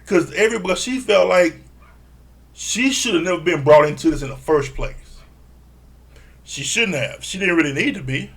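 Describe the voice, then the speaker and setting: A man giving a casual, animated recap of a reality show, swearing freely and acting out what people said. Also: sits high, moderate pace, long pauses. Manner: animated, profane, acts out quotes. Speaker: reality TV reviewer.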